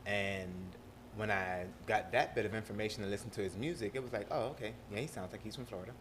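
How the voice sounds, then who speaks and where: A man with a South Carolina Lowcountry accent chats casually as a podcast guest, shifting between proper and Southern speech. He talks fast, and there's a faint hiss or hum in the audio.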